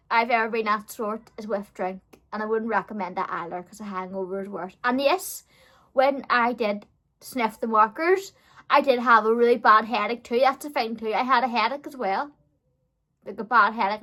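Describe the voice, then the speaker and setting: A woman's voice: fairly high pitch, bright, forceful tone. A woman telling a casual storytime vlog as a beauty vlogger, chatty and giggly, peppering her talk with fillers.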